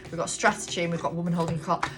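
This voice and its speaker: A woman's voice: fairly low pitch, steady tone, very fast. A woman giving a casual tarot reading, talking bluntly, swearing freely and rambling on. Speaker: tarot reader. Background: background music.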